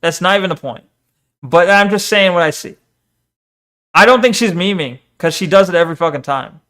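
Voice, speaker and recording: A man's voice: sits high, animated, brisk, sharp tone. A streamer chatting casually on a live stream, rambling and arguing as he reads viewers' messages aloud and answers them.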